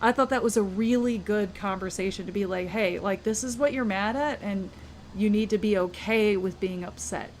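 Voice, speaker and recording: A woman's voice: mid-range voice, moderate pace, slight background noise. A woman co-hosting a podcast, casually retelling a book's plot and acting out the characters' lines. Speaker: podcast co-host. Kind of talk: casual book discussion.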